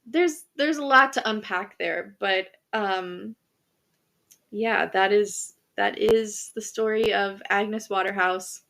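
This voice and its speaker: Speaking slowly at a medium pitch, a young woman with vocal fry and a somewhat bright voice co-hosts a podcast. She recounts a history story casually, chatty and quick to laugh, with frequent fillers and restarts.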